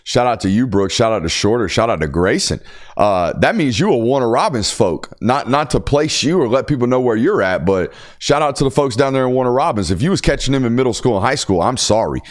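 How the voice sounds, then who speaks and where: Talking football on his podcast, this young host is casual yet animated and emphatic, breaking into rants at times. He has a mid-range voice and a brisk delivery.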